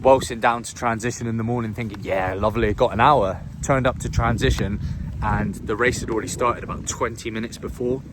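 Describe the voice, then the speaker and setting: A young man, a triathlete vlogger, telling a story to the camera in a chatty, animated way. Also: medium pitch, a little hiss or hum.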